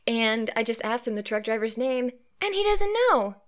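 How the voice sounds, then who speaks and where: A woman co-hosting a podcast in casual chat, animated and exclamatory. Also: fairly high pitch, normal speed. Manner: animated, exclamatory, often gasping "oh my gosh". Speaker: podcast co-host.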